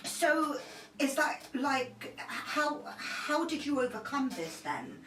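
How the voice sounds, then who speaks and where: A woman hosting a talk show, gently asking questions and encouraging her guest. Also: high voice, sing-song, takes it slowly, noisy background. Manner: gentle, encouraging, short affirmations. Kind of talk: supportive interview. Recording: echoey room from far off with music.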